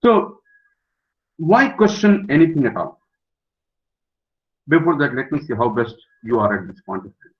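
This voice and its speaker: An older male professor with a mid-range, sing-song voice lectures students over a webinar, speaking unhurriedly with long pauses. He is emphatic, repeats key words, and puts questions to his audience. The webinar audio is dull and lo-fi.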